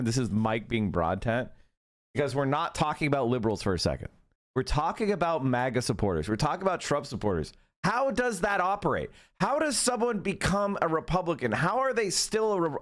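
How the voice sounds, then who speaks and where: A man hosting a live stream, giving political commentary in an animated, profane rant full of tangents. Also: mid-range voice. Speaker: streamer host.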